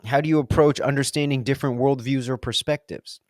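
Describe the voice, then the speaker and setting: A young adult man hosting a solo talk, musing casually and breaking into quick playful voices. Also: medium pitch, steady tone, dry recording, studio quality. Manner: playful, acts out quick silly voices mid-thought. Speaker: solo podcast host answering reflective questions. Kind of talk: casual spoken reflection.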